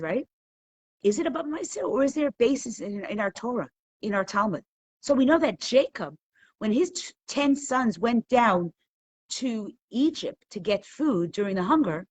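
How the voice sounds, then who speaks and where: A middle-aged woman teaching a live online Torah class, telling stories with animated laughter. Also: fairly high pitch.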